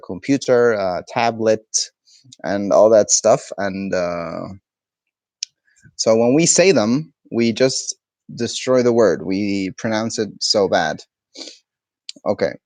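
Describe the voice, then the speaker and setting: A man's voice: medium pitch, darkish tone, no room sound. A man teaching his language on a live stream, explaining patiently and answering viewers' questions. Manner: explains patiently, answers chat questions, frequent "okay?" and hums. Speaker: Arabic teacher.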